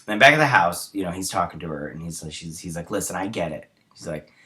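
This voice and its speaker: A young man hosts a casual episode review and retells each scene in loose, rambling chatter full of ums and uhs. His voice sits fairly low, yet its tone is bright and forward. He sounds a bit tired, as it's early in the morning. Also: expressive, fast talker. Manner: rambling retelling with many fillers.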